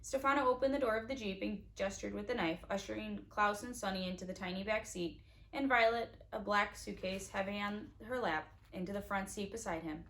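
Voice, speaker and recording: A woman's voice: medium pitch, brisk, fairly bright tone. A woman reading a children's novel aloud in a casual way, with small slips and restarts. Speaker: audiobook reader.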